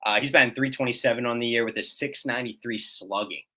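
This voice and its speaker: A man's voice: mid-range voice, fast, sharp tone, rough recording. A man co-hosting a morning baseball show, reeling off player stats in easygoing banter. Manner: reads stats, laid-back banter. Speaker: co-host. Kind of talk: casual sports talk.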